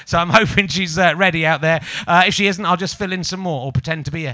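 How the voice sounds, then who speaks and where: A male comedy podcast host speaks with a high, brilliantly bright voice captured close and dry. He rants with sarcastic mock outrage to a live audience. The tone stays quick-witted and playful. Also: dry recording. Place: live show venue before an audience.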